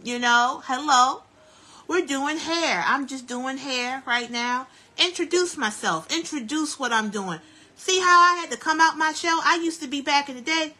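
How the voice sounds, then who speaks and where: A woman hosting a live stream from home while doing hair, giving chatty, preachy life advice in a lively, down-to-earth way. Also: high voice. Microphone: phone live stream.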